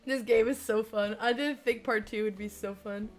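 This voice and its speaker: A young woman streaming, reading a dating game aloud and chatting with viewers, excitable with squealing laughs. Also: on the high side, normal speed, soft background music.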